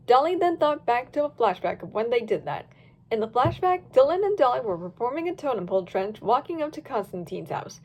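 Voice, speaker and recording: A woman narrating a fan-written story with a storybook lilt. Her voice is high and swings expressively from line to line. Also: brisk. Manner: lively storybook reading. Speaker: reader.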